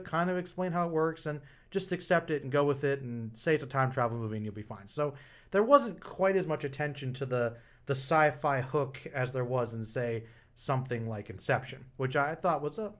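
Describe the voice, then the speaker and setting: Young man, casual film review, rambling, lots of fillers and restarts, mid-pitched voice.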